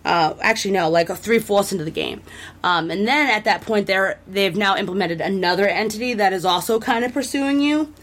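A woman's voice: medium pitch, a little fast, a bit bright. A woman talks casually as a podcast co-host and retells a video game's story at length. She rambles enthusiastically and breaks off into fillers and restarts, with an everyday mid-range voice. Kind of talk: casual chat about a video game.

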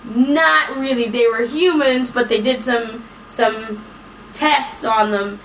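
A woman retells a long series plot in a rambling, animated way, peppering it with casual swearing. Her voice sits fairly high for a woman. She talks in a loose, chatty rhythm. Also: takes it slowly, slight background noise, low-quality recording. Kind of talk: casual chat, recapping a series.

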